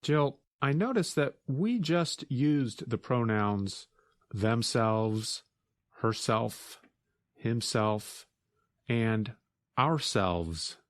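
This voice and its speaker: A man hosting an English learning podcast, explaining words in a deliberate, carefully enunciated way. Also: mid-range voice, lively intonation, dry recording, studio quality. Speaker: podcast host, English teacher. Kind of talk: slow, clear teaching explanation.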